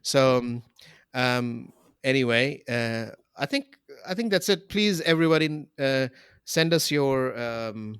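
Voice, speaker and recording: A man at a mid pitch, rambling through casual podcast chat. He stops and restarts often and leans on fillers. The sound is dry and close, with no room around it. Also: animated, unhurried, a bit bright, smooth, no room sound. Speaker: podcast host.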